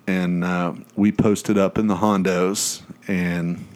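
A man's voice: deep voice, little pitch movement, slow, a little mellow. Rambling, swearing sounding man. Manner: rambling storyteller, swears freely, acts out quotes. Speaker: podcast host. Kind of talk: casual chat.

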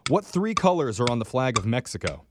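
A man's voice: medium pitch, sing-song. Playful male radio host, noisy recording. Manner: brisk, playful, reads questions quickly. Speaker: radio morning show host. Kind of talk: morning radio banter and quiz hosting.

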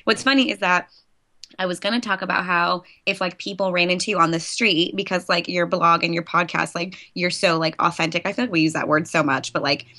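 Woman, podcast co-host, bright voice, giggly, excitable, says "like" a lot. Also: on the low side, a little fast. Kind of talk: casual podcast chat.

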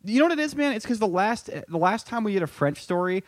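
A man's voice: high-pitched, expressive, quick pace, no room sound. A young man, co-hosting a casual comedic chat, profane and laughing often. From Connecticut, USA. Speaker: podcast co-host.

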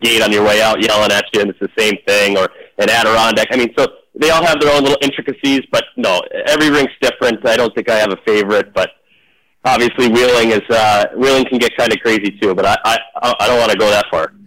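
A man, a former referee, telling stories casually in an interview, animated and full of restarts. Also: fairly low pitch, quick pace, low-quality recording. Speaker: hockey officiating manager, former referee.

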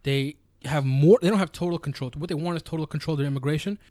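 A New man talks quickly and a bit high, spinning animated stories and swearing freely. His voice sits close and dry on the mic, with no room around it. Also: no room sound. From New York. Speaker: podcast co-host. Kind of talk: casual chat.

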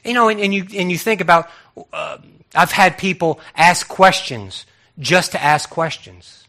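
A male preacher delivers a sermon as if chatting with his congregation, piling up rhetorical questions and tripping into restarts. His voice sits a little high and has a tense, bright edge. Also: measured pace. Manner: conversational, asks repeated rhetorical questions, stammers into restarts.

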